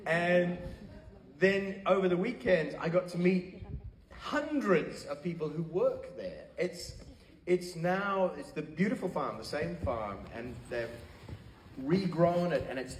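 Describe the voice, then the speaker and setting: A man from New Zealand telling stories as a panel guest at a convention, chatty and animated. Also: a little high, slight background noise. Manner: chatty, animated storytelling with laughs. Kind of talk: casual anecdote. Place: large convention hall. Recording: echoey hall with faint ambience.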